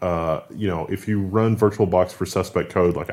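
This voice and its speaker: A man's voice: low voice, fairly even intonation, normal speed, darkish tone. A man co-hosting a casual tech news show, explaining security stories in a joking, rambling way. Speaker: show co-host, business owner.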